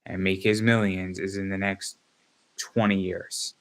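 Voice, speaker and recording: A man in his thirties hosting a podcast, chatting casually in a relaxed, halting way. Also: low-pitched. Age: 30s. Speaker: podcast host. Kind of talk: casual chat.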